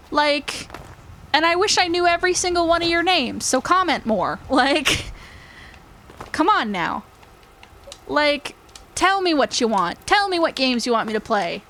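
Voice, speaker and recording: A young woman gaming YouTuber with a high, fairly bright voice chats casually to her viewers. She's emotional and rambling, laughing often and stuffing her speech with "like" and other fillers.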